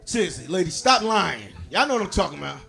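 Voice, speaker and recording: A man doing a stand-up comedy set for a live audience, shouting his punchlines, laughing at his own jokes and calling out to the crowd. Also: sits high, big pitch swings, fast, vocal fry. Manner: talks straight to the crowd, calls out to them.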